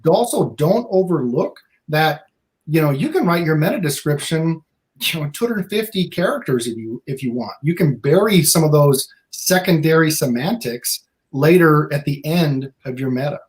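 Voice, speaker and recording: A man's voice: a little high, animated, moderate pace. A man speaking as a guest on a livestream panel, explaining tips and voicing what a user might think. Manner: explanatory, acts out users' thoughts, some restarts. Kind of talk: casual livestream panel advice.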